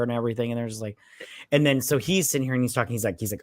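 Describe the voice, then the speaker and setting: A man's voice: mid-range voice, fast talker, no echo, studio quality. A man co-hosting a casual movie review, retelling scenes and mimicking characters' lines. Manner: retells scenes, quoting characters in mock voices. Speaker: podcast co-host.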